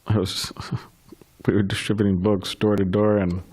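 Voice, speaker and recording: Low-voiced man giving a scripture class. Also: level tone, normal speed, darkish tone. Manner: chatty, with laughs and restarts. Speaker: class speaker.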